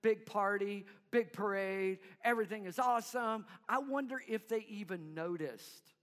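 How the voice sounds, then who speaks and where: A man preaching a sermon in an animated way, acting out crowd voices and dropping to quiet low tones. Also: normal speed. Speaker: pastor. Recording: long reverb in a hall.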